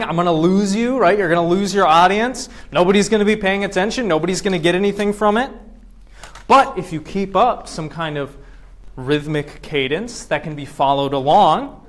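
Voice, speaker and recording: A male professor giving a classroom lecture, firing quick questions at his students and acting out voices to make his points. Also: high voice. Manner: acts out voices to demonstrate points.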